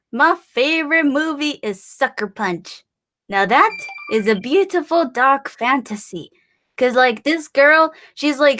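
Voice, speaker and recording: A woman's voice: fairly high pitch, fairly bright tone. A young woman from Illinois, a guest in a casual interview, bubbly and giggly, who acts out voices as she tells stories. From Illinois, USA. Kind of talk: casual chat.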